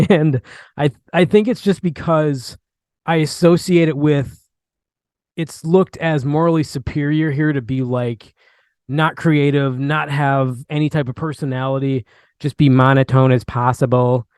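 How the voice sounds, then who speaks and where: A man's voice: a little high, fairly even intonation, a little slow, darkish tone, smooth, no echo, clean studio sound. A man hosting a casual interview over a video call, talking in a laid-back, easygoing way. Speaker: host.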